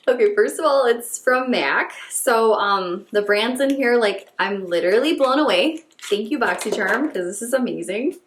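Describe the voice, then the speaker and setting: A woman's voice: on the high side, normal speed, few pauses, slight background noise. Gushing woman beauty vlogger, echoey room. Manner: gushing, gasping, repeats herself excitedly. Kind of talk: excited unboxing chat.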